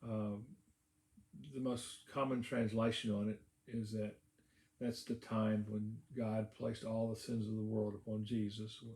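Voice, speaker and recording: A man preaching a sermon as a pastor, in a conversational way with many pauses and restarts. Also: lowish voice, little pitch movement, a little mellow, roomy sound. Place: church sanctuary.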